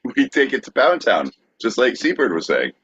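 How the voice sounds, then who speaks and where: A man co-hosting a podcast, talking casually in a dry, steady way as the straight man. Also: medium pitch, normal speed, noisy background. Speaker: podcast co-host. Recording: dull lo-fi audio.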